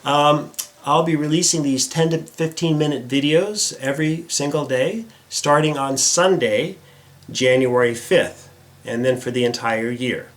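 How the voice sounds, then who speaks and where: A man's voice: on the high side, fairly even intonation, unhurried. Chatty middle-aged man hosting a vlog. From United States. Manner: chatty and self-deprecating, many "uh" fillers. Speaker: vlog host. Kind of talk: casual direct-to-camera vlog.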